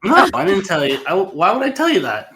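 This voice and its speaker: Man, co-host, stuffy with a cold, bright edgy voice, jokey casual chat. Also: high voice, wildly swooping pitch, a little fast. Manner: eager, jokey. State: congested from a cold. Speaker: podcast co-host.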